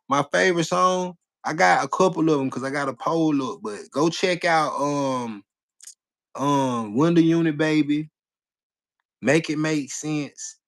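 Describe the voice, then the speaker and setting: A man hosting a casual live stream, chatting loosely with viewers in slang and repeating his phrases over and over. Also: medium pitch. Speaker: livestream host.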